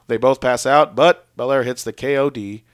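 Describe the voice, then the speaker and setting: A man's voice: mid-range voice, normal speed, dry recording. A young man co-hosting a casual chat show, recapping match action play by play in a dry, joking way. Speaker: podcast co-host recapping wrestling.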